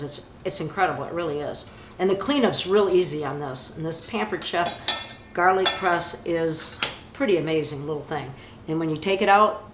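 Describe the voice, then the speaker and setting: Lowish-voiced lady chatting thru a recipe in an echoey kitchen, bit of background hum. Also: fairly bright tone. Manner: chatty, instructive, enthusiastic. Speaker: home cooking video host. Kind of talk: casual cooking demonstration.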